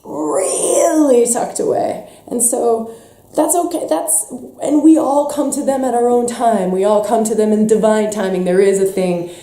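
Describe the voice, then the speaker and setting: A woman leading a spiritual workshop talk, speaking passionately and swinging between soft and emphatic delivery, with some swearing. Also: on the high side, fairly even intonation, moderate pace. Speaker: workshop leader. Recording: echoey room.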